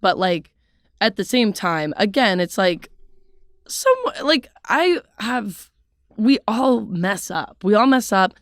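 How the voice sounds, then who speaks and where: A woman's voice: medium pitch, slow pace, dry recording, studio quality. A young woman co-hosting a podcast, chatting casually in a rambling way full of fillers. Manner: rambling, filler-heavy, relaxed. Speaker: podcast co-host. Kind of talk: casual chat.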